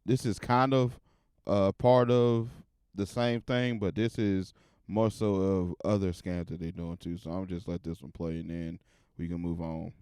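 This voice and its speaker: A man's voice: deep voice, level tone, unhurried, a little mellow, smooth, no echo, clean studio sound. A man hosting his podcast, rambling casually with plenty of swearing while he loads clips. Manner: rambling, profane, talks to himself while loading clips. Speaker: podcast host. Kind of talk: casual chat.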